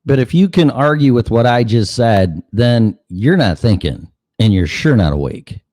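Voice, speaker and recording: A man's voice: mid-range voice, sing-song, normal speed, darkish tone, dry recording. A man hosting a show, delivering a sarcastic, profane ranting monologue full of mocking asides. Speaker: show host.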